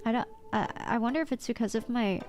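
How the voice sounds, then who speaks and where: A woman with an American accent chatting casually on a livestream, excitable and playful, breaking into squeaky outbursts as she reads chat aloud. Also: fast. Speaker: VTuber streamer.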